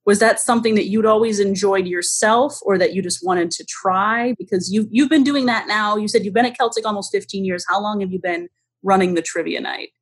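Female podcast host, mid-pitched, conversational, quick to react and ask follow-ups. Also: breathy edge. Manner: engaged, quick interjections and follow-up questions. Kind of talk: casual interview.

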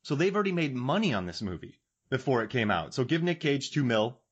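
Husky-voiced man riffing on movies. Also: medium pitch, very animated, lo-fi sound. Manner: enthusiastic, fast-riffing movie talk. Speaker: podcast host. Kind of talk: casual podcast chat.

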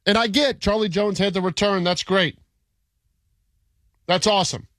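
A man's voice: sits high, fairly even intonation, normal speed, fairly bright tone, no echo. A man co-hosting sports talk radio, arguing his points emphatically and repeating himself to press them.

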